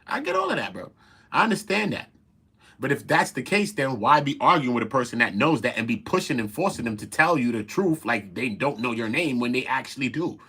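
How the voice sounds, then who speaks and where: A man hosting a casual commentary show, talking in an animated, profane and incredulous way. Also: mid-range voice, a little fast, breathy edge. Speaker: commentary host.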